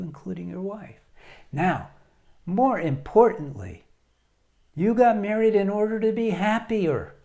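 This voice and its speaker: Slow, earnest man giving marriage advice. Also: a little high, dark tone. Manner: earnest, direct, deliberate with emphatic pauses. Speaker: marriage coach. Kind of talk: advice monologue to camera.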